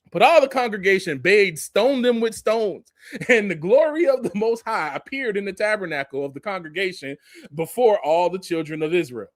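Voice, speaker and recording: A man giving a casual, animated sermon in everyday vernacular, reading scripture aloud between comments. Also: high voice, normal speed, no room sound, clean studio sound. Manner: casual, animated preaching with Southern Black vernacular and laughs. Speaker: preacher.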